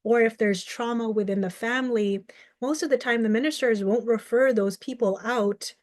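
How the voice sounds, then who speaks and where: Here a young adult mental health advocate speaks at a normal speed, her voice a little high yet darkish in tone. She gives sincere, reflective video commentary grounded in everyday examples, acting out short quoted exchanges, with clean studio sound and no room noise.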